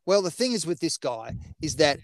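A chatty man co-hosting a podcast, his voice pitched a touch high. He laughs easily as he talks through a film. The sound is dry and close, with no room around it. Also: sing-song, normal speed, no room sound. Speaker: podcast co-host. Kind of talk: casual chat about films.

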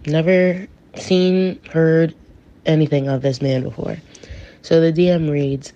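Gravelly-voiced woman telling a story. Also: sits low, unhurried, mellow. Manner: chatty, acts out quoted texts. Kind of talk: casual personal storytelling. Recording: dull lo-fi recording.

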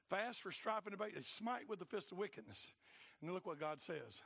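Preacher guy, high raspy voice, gets loud then goes real quiet. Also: big pitch swings, a little fast. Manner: swings from loud preaching to low, quiet asides. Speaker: pastor. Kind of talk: sermon.

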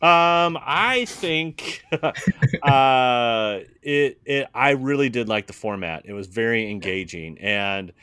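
A man who is a guest on a casual podcast, starting his answers hesitantly and talking in a relaxed way. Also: medium pitch, slow pace, smooth, no echo.

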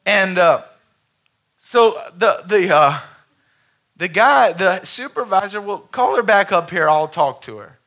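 Bright-voiced preaching pastor. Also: male voice, high voice, expressive, takes it slowly. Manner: impassioned preaching, calls for amen. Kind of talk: sermon with storytelling. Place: church sanctuary before a congregation.

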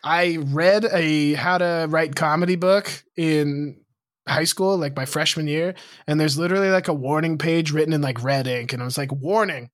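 This young man's voice is on the high side, captured with clean studio sound and no echo. As a podcast co-host in a casual show, he's jokey, quick to laugh, and performs the quotes he repeats.

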